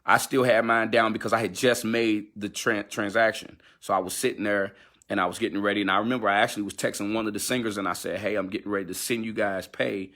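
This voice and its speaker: Low-voiced man telling his story candidly. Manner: animated storytelling, halting with fillers and restarts. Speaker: gospel singer. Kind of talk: candid personal account on a livestream.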